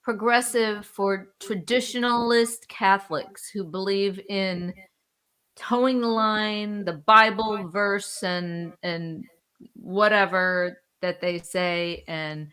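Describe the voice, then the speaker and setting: Middle-aged woman co-host, earnest and disapproving, slow and measured. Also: mid-range voice, fairly even intonation, bright, forceful tone, clean tone. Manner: earnest, disapproving, plain-spoken. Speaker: co-host, host's mother. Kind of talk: casual chat.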